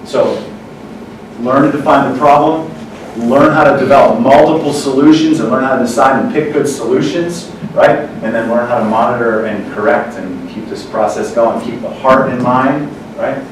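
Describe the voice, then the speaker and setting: A man's voice: mid-range voice, moderate pace. A man giving an informal teaching talk to a group, repeating words and asking the listeners questions. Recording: roomy echo, far from mic, noisy.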